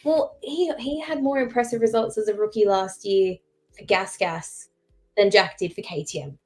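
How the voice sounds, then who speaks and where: A young woman from Derry with a Northern Irish accent, co-hosting a casual podcast chat with opinionated, quick analysis. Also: medium pitch, darkish tone, soft background music. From Northern Ireland. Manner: opinionated, fast analytical talk with fillers. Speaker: co-host.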